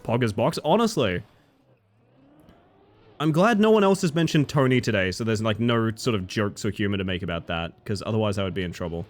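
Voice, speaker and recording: Male streamer, casual and playful; leaps from giddy highs to quiet mumbles while he plays. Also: brisk, faint music behind. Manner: playful, reads chat aloud and jokes, swings between excited yelps and low mutters. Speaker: live streamer. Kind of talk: casual live-stream chat while gaming.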